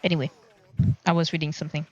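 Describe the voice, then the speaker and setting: A woman's voice: sits low, level tone, quick pace. Woman streamer chatting casually, rambling and searching for words. Muffled lo-fi sound, faint music underneath. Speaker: livestreamer. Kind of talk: casual livestream chat. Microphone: desk mic at a laptop. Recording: dull lo-fi stream audio.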